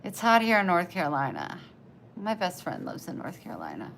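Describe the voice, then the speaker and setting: A woman with an American country twang chats casually on a live stream, reading chat comments aloud. She is soft-spoken, short of breath, and drifts into near-whispers. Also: fairly low pitch, huge pitch swings, brisk, vocal fry, a little hiss or hum.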